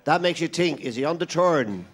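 A man's voice: on the high side, lively intonation, normal speed, slight background noise. An Irish man doing stand-up comedy, telling long jokes and voicing every character in them himself. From Ireland. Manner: rambling joke teller, playing all the characters himself.

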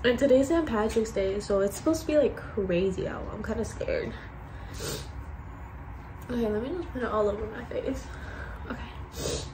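This young vlogger has a fairly high-pitched voice, speaks at normal speed with long pauses, and is recorded with noise in the background. Getting ready at her vanity at home, she rambles candidly to the camera in casual get-ready-with-me chat, swearing occasionally.

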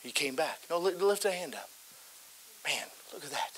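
A man preaching a fervent sermon in a church, full of repetitions and stammered restarts, swinging between loud exhortation and softer pleading. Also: a little high, sing-song, normal speed, a little hiss or hum. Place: church sanctuary.

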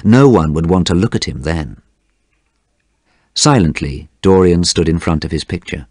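A man narrates a simple story for English learners, slow and clear. His voice is low and a little husky, with lively pitch. The sound is dry and close. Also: no room sound.

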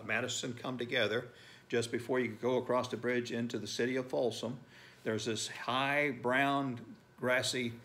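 A man's voice: mid-range voice, fairly bright tone, a little hiss or hum. An older man in his sixties preaching a sermon, emphatic, repeating phrases and reading scripture aloud. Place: church sanctuary.

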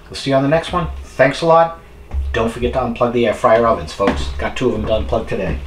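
A man's voice: medium pitch, quick pace. A man casually reviewing a kitchen appliance, rambling and talking while he eats. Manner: rambling, talks while eating. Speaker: product reviewer. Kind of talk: casual chat. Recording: roomy echo, faint background noise.

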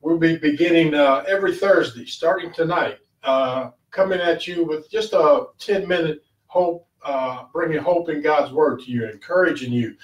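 A man's voice: a little high, normal speed. A male pastor preaching a short sermon, fervent, repeating key phrases with rising emphasis. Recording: echoey room, voice from far off the mic.

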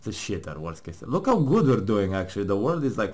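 A man's voice: medium pitch, very animated, a little fast, few pauses, a little mellow. A man playing a game with his partner, casually joking, laughing and swearing as he reads questions and answers aloud in a mock-serious tone. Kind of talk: casual gaming commentary, reading game text aloud.

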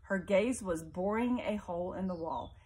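A woman reading a novel aloud as audiobook narration in a measured, expressive way. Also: lowish voice. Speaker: audiobook reader.

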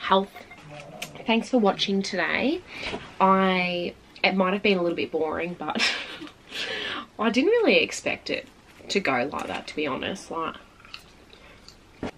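A woman's voice: fairly low pitch, animated, a little slow, long pauses, fairly bright tone, slight background noise. A young woman chatting casually in her vlog, rambling, swearing and giggling. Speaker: vlogger.

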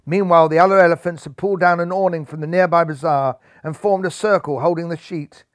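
A man narrating a children's storybook with dramatic, animated delivery. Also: on the high side, fast, clear, resonant tone, dry recording, clean studio sound.

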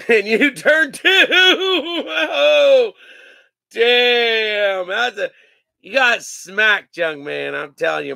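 A man's voice: extremely high pitch, expressive, extremely slow, creaky, sharp tone, no room sound. A man hosting a live sports card break, joking, laughing and rattling off player names as he opens packs. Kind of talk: casual live card-opening chat.

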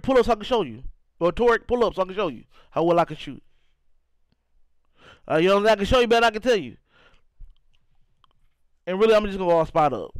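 A young gaming streamer from St. Louis, Missouri, talks loosely and repetitively on a live stream, reacting to chat and saying "you know what I'm saying" a lot. His voice sits high and clean with no room sound, though the audio quality is poor.

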